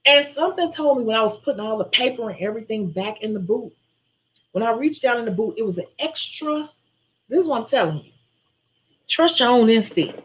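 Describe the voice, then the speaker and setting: Woman chatting on her nail live stream, telling stories, lively and casual. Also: on the high side, poor audio. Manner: chatty, animated storyteller who acts out her own quotes. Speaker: nail tech and channel host.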